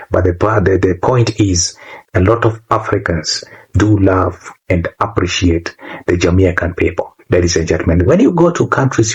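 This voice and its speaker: Husky Kenyan man preaching unity. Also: deep voice, highs cut off. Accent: Kenyan English. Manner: preachy, repeats phrases and asks "huh?". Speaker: YouTuber. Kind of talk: casual monologue to camera.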